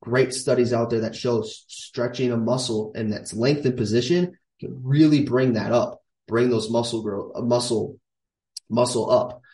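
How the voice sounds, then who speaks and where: A man in his thirties gives an emphatic, casual fitness lesson, hammering home his points by saying them twice. His voice is a middle pitch for a man. It reaches the mic from a few steps away, in a roomy, echoing space. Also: steady tone, normal speed, dark tone. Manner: emphatic, coaching, repeats key points. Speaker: fitness coach. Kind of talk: casual instructional talk to camera. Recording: echoey room, voice from a distance.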